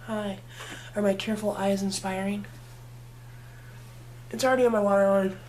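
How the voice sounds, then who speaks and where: A woman's voice: mid-range voice, steady tone, normal speed, darkish tone, slight background noise. A woman chatting playfully through a makeup tutorial, talking to herself as she works. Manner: chatty, playful, talks to herself while working. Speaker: makeup vlogger. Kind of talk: casual makeup tutorial chat.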